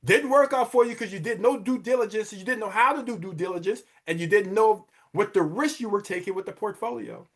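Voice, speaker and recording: His voice sits high and he talks a little fast, hardly pausing at all. A middle-aged podcast host and wealth advisor, he gives preachy, emphatic motivational talk about money, repeating phrases for effect.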